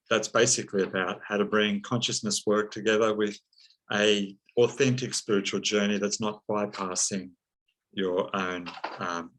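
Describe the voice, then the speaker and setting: A man speaking as an interview guest, slow and reflective, with many pauses and fillers. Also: on the low side, a bit bright, rough recording. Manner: slow, thoughtful, many ums and uhs. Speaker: psychologist and counseling teacher, guest.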